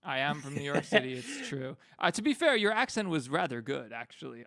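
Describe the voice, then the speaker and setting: A man hosting a live stream in casual chat, relaxed and wry, often stumbling and repeating words. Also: a little high, brisk, gravelly. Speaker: host.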